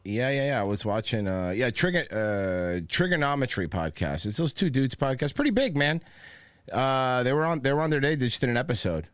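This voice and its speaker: Male podcast host, casual and profane, lively pitch, dry close sound. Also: fairly quick, smooth, no room sound. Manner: rambling, profane, laughs often. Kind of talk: casual chat.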